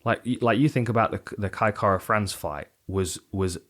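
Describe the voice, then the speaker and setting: A man's voice: lowish voice, moderate pace, a bit bright. A middle-aged man co-hosting a podcast, casually breaking down fights and often restarting his sentences. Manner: thoughtful, self-correcting, trailing off mid-sentence. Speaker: podcast co-host, fight analyst. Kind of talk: casual chat.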